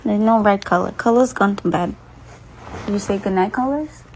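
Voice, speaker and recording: A woman's voice: mid-range voice, normal speed, slight background noise, rough recording. A mother in a casual home video, patiently coaxing her child and singing a song line by line for her to repeat.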